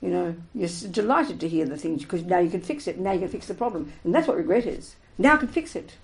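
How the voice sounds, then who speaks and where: A woman giving a spiritual talk to a group, emphatic and animated, acting out little everyday scenes as she explains. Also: on the low side, quick pace, low-quality recording. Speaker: Buddhist teacher.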